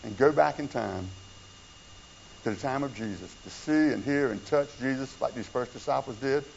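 A male pastor preaching a conversational sermon, swinging between hushed low passages and raised emphatic ones. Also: normal speed, gravelly, a little hiss or hum. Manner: conversational preaching with wide swings in pitch and loudness. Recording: dull lo-fi church recording with faint room sound.

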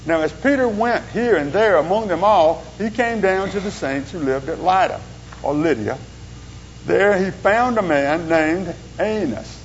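A male pastor gives an informal sermon. He tells stories in a loose, folksy way and drops in joking asides, and his voice sits a little high. The recording is dull and lo-fi, with a faint hum. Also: vocal fry.

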